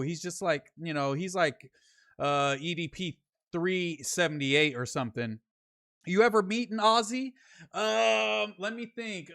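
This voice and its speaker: A man's voice: a little high, fairly bright tone, clear, resonant tone, no room sound, studio quality. A young man from Northern California, hosting a casual livestream, reading chat messages aloud and answering them in loose, slangy talk.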